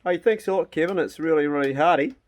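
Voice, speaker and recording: Animated New man, fairly high voice. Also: quick pace. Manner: animated yarn-spinning with swearing. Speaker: host. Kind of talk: casual chat.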